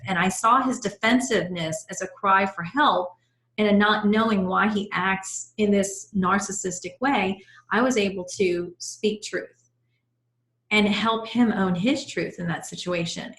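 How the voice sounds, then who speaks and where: A woman's voice: mid-range voice, a bit bright. Earnest woman coaching a video-call class. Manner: earnest, guiding listeners through breathing, telling personal stories. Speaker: life coach teaching an online class. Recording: roomy video-call audio.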